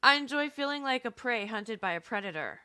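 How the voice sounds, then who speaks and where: A woman's voice: a little high, lively intonation, brisk, sharp tone, smooth, no echo. A woman co-hosting a podcast, reading quiz questions aloud in a matter-of-fact way and often laughing. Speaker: podcast co-host.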